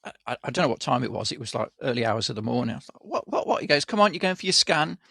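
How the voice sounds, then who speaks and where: Brief: man, gravelly voice, dry close mic, rambling storyteller, casual podcast chat. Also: medium pitch, expressive, rapid-fire, bright, forceful tone, no room sound. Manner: rambling storyteller, acts out quoted voices, laughs often. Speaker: podcast co-host.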